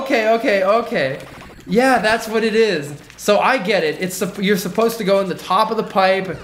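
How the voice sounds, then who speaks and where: A male streamer chatting loosely over his gameplay, excitable and giggly as he works things out aloud. His voice sits a little high for a man. The room sounds roomy, with faint music playing underneath. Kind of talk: casual gameplay commentary.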